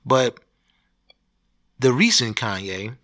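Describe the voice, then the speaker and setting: Bright-voiced man ranting on a podcast. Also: medium pitch, expressive, slow pace. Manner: profane, rambling, with frequent restarts. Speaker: podcast host. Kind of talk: solo podcast rant.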